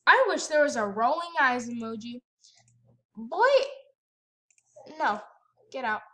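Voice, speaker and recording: A woman's voice: a little high, animated, slow, bright, forceful tone. A woman ranting with sassy indignation while commentating her gameplay at home by the computer. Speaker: gaming channel host.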